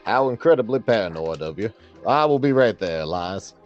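Guy doin a smooth southern gent, put-on drawl, real polite, low voice, faint music behind. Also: animated, fairly quick, a little mellow, lo-fi sound, natural voice. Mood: courtly. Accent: put-on American Southern. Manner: courtly, formal. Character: suave gentleman man with southern drawl.

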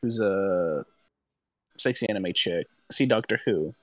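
A man's voice: deep voice, a little slow, a bit bright, dry recording. A man playing a tabletop game in casual chat, joking loosely with many fillers. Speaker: player.

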